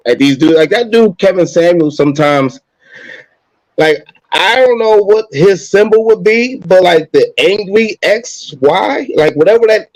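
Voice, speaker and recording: A brash man in casual podcast chat. He talks up his own worth with plenty of swearing. His voice sits high and sounds dry and close. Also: dry recording, rough recording. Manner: boastful, brash, swears freely.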